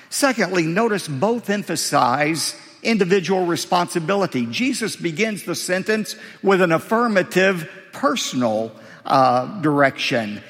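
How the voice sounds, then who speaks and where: A male pastor preaching from a podium, his voice gravelly and pitched a touch high. He swings widely up and down as he presses rhetorical questions on the listeners. A long hall reverb trails every phrase from the sanctuary. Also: animated, unhurried, a bit bright. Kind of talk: sermon.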